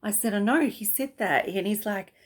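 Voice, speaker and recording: A woman's voice: medium pitch, moderate pace, husky. A woman vlogger talking casually to camera, rambling and chatty, breaking into laughs often.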